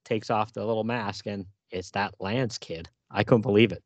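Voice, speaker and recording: Low-voiced man retelling comic scenes. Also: normal speed, no echo. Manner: relaxed, retells scenes with hesitant fillers. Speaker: podcast co-host. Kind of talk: casual comic book discussion.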